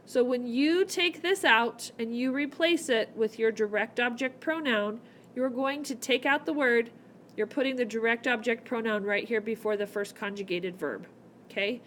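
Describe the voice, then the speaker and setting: Chatty high-voiced woman teaching. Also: moderate pace, fairly bright tone, slight background noise. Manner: chatty, explains step by step. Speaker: Spanish teacher. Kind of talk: recorded whiteboard lesson. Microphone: laptop mic.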